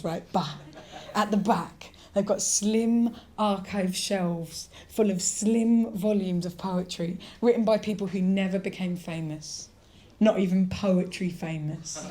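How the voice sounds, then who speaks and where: A woman in her forties performing stand-up comedy on a theatre stage, animated, exclaiming and self-mocking. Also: medium pitch, slight background noise.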